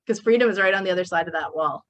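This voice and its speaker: A woman's voice: lowish voice, rapid-fire, fairly bright tone. Impassioned woman giving a motivational speech. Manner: impassioned, preachy, emphatic. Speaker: motivational workshop speaker. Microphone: speaking to a live online group.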